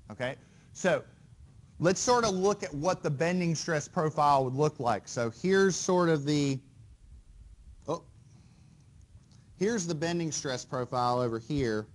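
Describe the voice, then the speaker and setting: Man lecturing, checking in with students. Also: fairly high pitch. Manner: conversational, quizzes students with frequent "right?" and "okay?". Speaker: engineering lecturer. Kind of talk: university lecture. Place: lecture hall.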